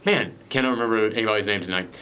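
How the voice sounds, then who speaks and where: Here a young man with a fairly low, bright, forceful and smooth voice races through a film's ending with a friend, spoilers and all. He's casual and swears at times, dropping quoted lines into his retelling without changing his everyday voice.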